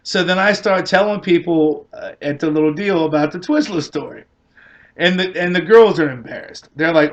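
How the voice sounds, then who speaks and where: A man's voice: a little high, normal speed, lo-fi sound. A man with a Boston accent telling a rambling, profane comic story and laughing at his own punchlines. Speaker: comedian. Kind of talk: storytelling comedy rant.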